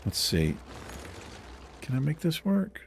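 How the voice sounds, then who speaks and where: A man's voice: a little high, huge pitch swings, takes it slowly, gravelly, soft background music. A man hosting a gaming channel, thinking aloud and muttering in casual let's-play commentary, mildly exasperated.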